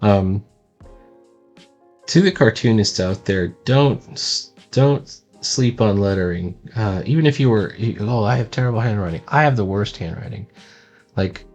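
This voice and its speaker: A man's voice: on the low side, expressive, unhurried, darkish tone, lo-fi sound, faint music behind. A man casually touring his own sketchbook as a cartoonist, rambling and self-deprecating, with lots of ums.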